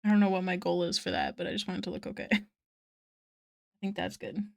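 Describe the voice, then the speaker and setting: A woman's voice: fairly low pitch, fairly even intonation, fast talker, creaky, a little mellow. A woman casually chatting with her viewers on a live stream, giggling often and reading chat aloud. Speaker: art streamer.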